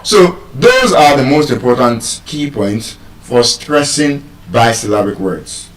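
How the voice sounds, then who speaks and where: A man giving a live lesson on word stress, deliberate and teacherly, repeating key terms. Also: mid-range voice, lively intonation. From Nigeria. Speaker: English language teacher. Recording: roomy sound, mic far off.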